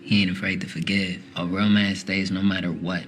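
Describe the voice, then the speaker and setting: A tender father in a film drama, speaking softly and reassuringly to his young son. His voice sits a little low and is kept gentle throughout. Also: level tone, brisk, slight background noise. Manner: gentle, soft-spoken, reassuring.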